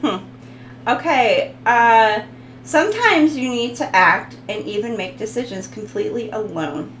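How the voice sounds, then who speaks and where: A woman's voice: on the high side, lively intonation, unhurried, fairly bright tone, roomy sound, slight background noise, low-quality recording. A woman giving a casual tarot reading, rambling, giggling and reading card text aloud. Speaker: tarot reader.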